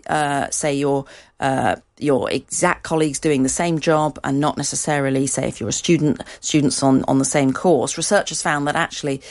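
Low-voiced woman explaining research calmly. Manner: measured, explanatory, cites research. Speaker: guest expert. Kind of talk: conversational interview answers.

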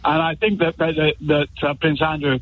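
A man in his seventies calling a radio phone-in, talking in a halting, emotional way and repeating his words. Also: on the high side, little pitch movement, a little hiss or hum. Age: 70s. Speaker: caller. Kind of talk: phone-in call. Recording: muffled phone line.

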